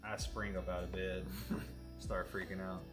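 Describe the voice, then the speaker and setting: Low-voiced man telling rambling stories. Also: level tone, normal speed, over music. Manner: rambling, jokey storytelling with many fillers. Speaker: tattoo artist. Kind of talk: casual chat while working.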